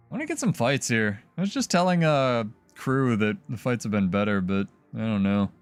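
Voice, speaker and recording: A man's voice: mid-range voice, animated, moderate pace, smooth, soft background music. A man streaming gameplay and chatting casually, with laughing, swearing banter. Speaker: game streamer.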